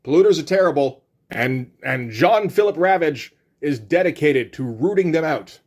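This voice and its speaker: A middle-aged man reviews comic books in a loose, casual commentary. His voice sits a little high for a man, and he wanders through wry, offhand asides as he talks. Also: lively intonation, moderate pace, a little mellow.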